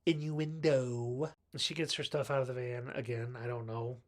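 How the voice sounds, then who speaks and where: Male film reviewer, conversational recap voice, average pitch, playfully mimics characters. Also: little pitch movement, moderate pace. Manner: chatty storyteller, acts out characters' lines. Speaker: movie reviewer. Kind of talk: casual movie recap.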